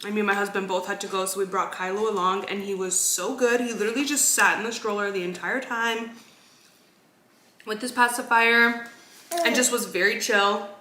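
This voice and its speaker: A woman's voice: medium pitch, steady tone, normal speed, sharp tone, reverberant. A young woman chatting casually in a vlog, talking while she eats at home. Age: young adult. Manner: chatty, talks while eating. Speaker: vlogger.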